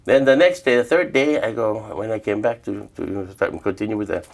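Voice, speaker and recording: An older man from Guam, telling stories of his past in a relaxed, reflective interview. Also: fairly low pitch, a little fast, vocal fry. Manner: relaxed, reflective storytelling with quoted dialogue. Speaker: interviewee, traditional healer. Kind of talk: casual storytelling interview.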